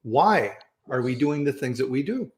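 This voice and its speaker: A man's voice: medium pitch, sing-song, moderate pace, echoey room. A man hosting a casual chat, telling stories and often checking in with "right?". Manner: storytelling, says "right?" often. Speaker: host.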